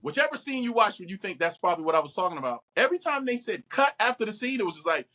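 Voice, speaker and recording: Fast, bright-voiced man acting out quotes. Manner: expressive, acts out quotes with big pitch jumps. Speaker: actor and interview guest. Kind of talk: animated interview talk.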